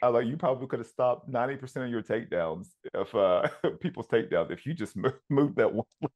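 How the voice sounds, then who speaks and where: A man's voice: mid-range voice, fast talker, lo-fi sound. A man who coaches wrestling, talking in an easygoing, casual conversation with frequent ums and uhs. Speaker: wrestling coach and podcast host.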